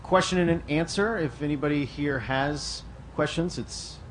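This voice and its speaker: A man's voice: a little high, moderate pace, a little hiss or hum. A man hosting a convention panel in a loose, chatty way, reading out fan questions. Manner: loose, chatty, lots of fillers. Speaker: panel host. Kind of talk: casual panel moderation.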